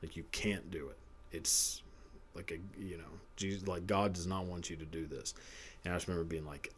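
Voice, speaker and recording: Man, low voice, casual comic storytelling, profane, rambling, frequent laughs. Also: steady tone, moderate pace, slight background noise. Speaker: podcast host.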